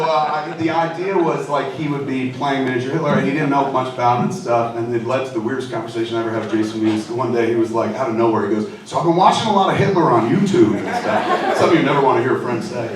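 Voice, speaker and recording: Guy rattling off a cussy story on stage, far off mic, big echoey hall, crowd around. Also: medium pitch. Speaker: film director at a premiere Q&A. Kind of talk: profane, animated anecdote-telling. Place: large festival theater with audience. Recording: echoey hall, mic heard from afar, audience.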